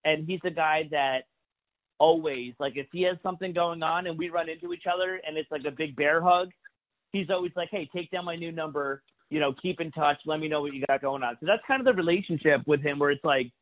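Over phone-quality lo-fi audio, a comedian guest with a New York accent tells a long story in casual chat, cursing freely and performing the voices of those he quotes. His voice is a little high and brisk.

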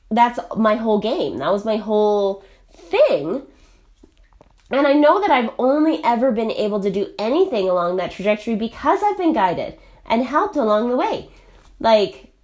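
Young woman rambling casually, lots of "like", bouncy high-ish voice that swoops around. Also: a little mellow. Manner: chatty, filler-heavy, asks "right?" often. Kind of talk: casual personal monologue.

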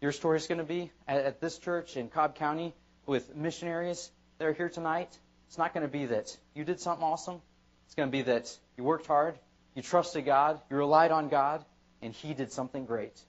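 A man's voice: a little high, brisk. A man pastor preaching an evening sermon in church, emphatic and repetitive. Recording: dull lo-fi sermon recording.

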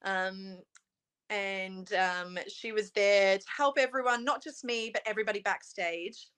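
Guest: Australian woman in her twenties, Australian accent, bright and chatty, quick talker full of ums. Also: mid-range voice, clean tone. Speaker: pageant contestant guest. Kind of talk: casual interview chat.

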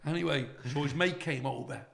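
A man's voice: mid-range voice, gravelly, a bit bright, a little hiss or hum. A middle-aged man, a comedian telling stories as a guest, swearing freely and laughing along as he talks. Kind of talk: anecdotal storytelling. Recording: roomy echo.

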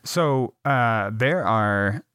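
Male co-host, mid pitch, rambling and swearing, dry close recording. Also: animated, extremely slow, fairly bright tone, clean tone, no echo. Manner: rambling, many fillers, swears, mimics scammers. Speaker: podcast co-host. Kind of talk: casual chat.

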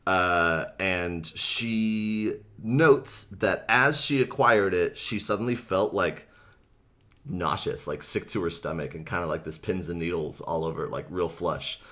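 Low-voiced man retelling a story, laughing. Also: unhurried. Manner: animated retelling, acts out quotes, laughs often, many fillers. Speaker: podcast host recapping a book. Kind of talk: casual comedic book recap.

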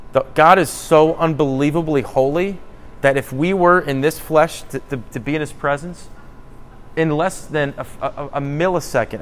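A man's voice: medium pitch, slight background noise. A man giving an informal Bible teaching, earnest and thinking aloud, often restarting his sentences.

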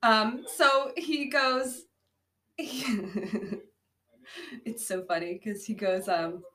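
Bright-voiced woman laughing through a movie roast. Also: extremely slow. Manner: laughs often, animated retelling. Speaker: podcast co-host. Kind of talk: casual movie-roast chat. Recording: low-quality amateur audio.

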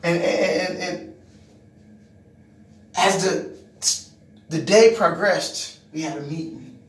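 A man's voice: fairly high pitch, takes it slowly, distant mic. Man testifying in an echoey room. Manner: repeats words and restarts sentences often, builds to emphatic outbursts. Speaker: speaker giving a personal testimony. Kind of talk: testimony storytelling.

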